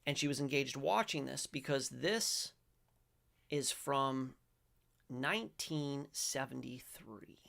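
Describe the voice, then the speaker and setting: Gravelly man ranting in a commentary. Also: medium pitch, slow pace. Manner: rambling, self-correcting, emphatic with sudden loud bursts. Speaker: host of a faith-based commentary show. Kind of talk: casual commentary, reading aloud and reacting.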